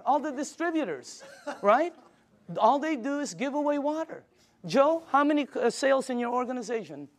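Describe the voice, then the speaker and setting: An older man giving a sales pitch, enthusiastic and emphatic, telling stories to his audience. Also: sing-song, normal speed, crowd noise. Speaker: sales presenter.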